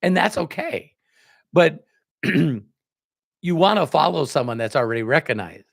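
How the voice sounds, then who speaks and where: A man, a network marketing speaker, giving a motivational talk on a livestream and acting out remembered conversations with sudden jumps in pitch. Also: expressive, unhurried, creaky, dry recording, clean studio sound. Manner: acts out quoted dialogue with jumps in pitch.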